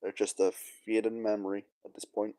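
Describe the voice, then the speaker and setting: A man's voice: on the low side, flat delivery, a little fast, dark tone, no room sound. A young man talking casually to camera, rambling and wistful, with many fillers and sighs. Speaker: vlogger. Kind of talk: casual nostalgic monologue.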